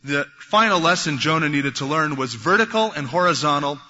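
A man preaching a sermon, animated, acting out the voices of biblical figures as he goes. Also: fairly high pitch, fairly quick. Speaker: pastor. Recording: dull lo-fi recording in a reverberant hall.

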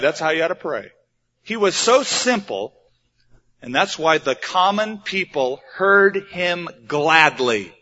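Pastor, male, plain-spoken sermon delivery with rhetorical questions; forceful tone, muffled lo-fi recording. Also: on the high side, slightly rough. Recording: dull lo-fi recording.

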